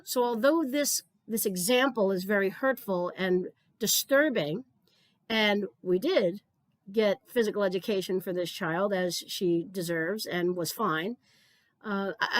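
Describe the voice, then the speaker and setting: A woman's voice: mid-range voice, no room sound. Earnest woman giving a keynote, dry sound. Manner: earnest, storytelling, repeats words when starting. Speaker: keynote speaker. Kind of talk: conference keynote speech.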